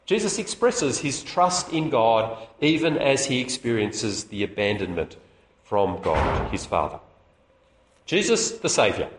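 A man preaching a sermon to a public meeting, expressive, with rhetorical questions and small chuckles. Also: medium pitch, a little slow. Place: meeting hall. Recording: echoey room.

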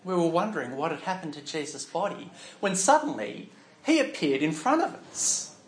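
Man, higher voice, slow first-person dramatic monologue, hushed to loud, echoey room. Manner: expressive storytelling, shifting from hushed to loud. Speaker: preacher telling a Bible story.

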